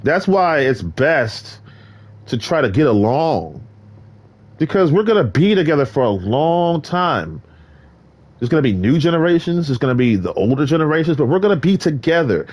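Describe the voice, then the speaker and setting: Boastful male streamer, preachy rambling monologue to viewers, close mic in a soft carpeted room. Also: a little high, very animated, normal speed. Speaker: gaming streamer. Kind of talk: rambling solo stream talk. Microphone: desk mic in a carpeted room.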